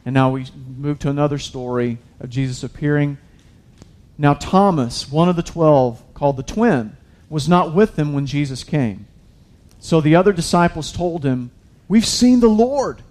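A pastor with a somewhat high, darkish voice preaches at normal speed in a casual, conversational way. He talks directly to the congregation, calls them "guys," and restarts his sentences often.

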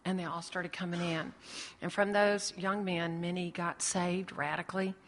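A woman's voice: lowish voice, fairly even intonation, moderate pace. A woman telling her ministry story to an audience, acting out the voices in her dialogue. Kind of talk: testimony talk to an audience. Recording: long hall reverb.

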